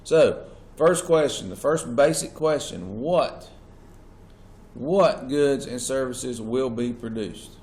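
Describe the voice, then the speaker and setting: In a lecture to his students, a man poses questions and leans on key terms, his slow, medium-pitched voice sounding a little mellow. The classroom setting echoes, with faint noise in the background.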